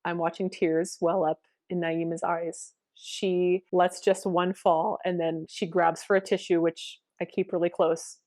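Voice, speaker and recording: Calm woman telling a lesson story. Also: fairly low pitch, a little slow, hardly any pauses, dry recording, studio quality. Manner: calm, reflective, explanatory. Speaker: piano teacher. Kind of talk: storytelling anecdote.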